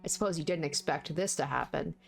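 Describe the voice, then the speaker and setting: A woman's voice: low voice, brisk, vocal fry, faint music behind. A woman voicing a defiant teenager with a cool, mocking delivery.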